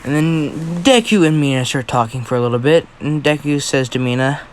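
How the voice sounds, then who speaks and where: A man's voice: medium pitch, moderate pace, hardly any pauses, slight background noise. A tired young man telling an improvised story casually, rambling, apologizing and swearing.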